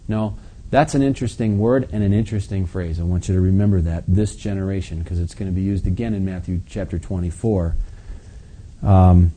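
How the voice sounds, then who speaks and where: Husky, dark-voiced male preacher. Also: steady tone, fairly quick. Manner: preaching with big swings in volume and pitch, reading scripture aloud forcefully. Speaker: pastor. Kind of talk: sermon.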